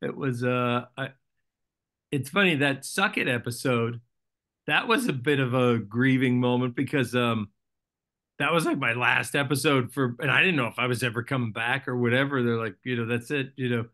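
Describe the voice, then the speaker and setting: Bright-voiced man, rambling and joking. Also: mid-range voice, moderate pace. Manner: rambling, self-deprecating joker. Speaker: actor guest. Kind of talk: casual interview chat.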